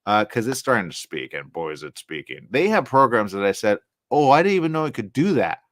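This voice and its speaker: A man hosting a radio talk show alone, rambling in a loose, animated way, jumping into quoted voices and trailing off into mumbles. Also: lowish voice, a little fast, no echo, clean studio sound.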